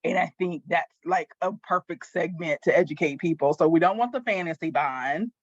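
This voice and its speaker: A woman's voice: lowish voice, normal speed, no echo, dull audio. A woman hosting a casual panel chat, enthusiastic and effusive, passing the floor to guests. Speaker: host.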